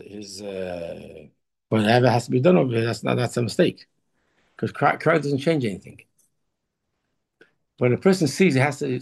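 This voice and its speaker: A man giving an informal Torah talk, halting and repeating words, then pressing his points with emphatic urging. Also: medium pitch, a little mellow. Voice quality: gravelly, husky voice. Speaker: Torah teacher.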